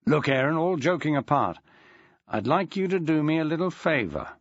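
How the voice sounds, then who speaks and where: A man's voice: fairly high pitch, very animated, moderate pace, no room sound, highs cut off. A man reading an audiobook, voicing a wry, theatrical male schoolteacher with a dry, mock-grand way of talking. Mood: sardonic.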